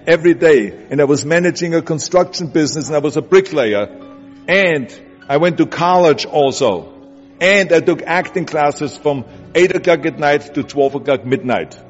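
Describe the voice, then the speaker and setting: A man with a German accent giving an emphatic motivational speech, building his points through repetition. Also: on the high side. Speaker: motivational speaker. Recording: echoey hall, dull sound, music behind.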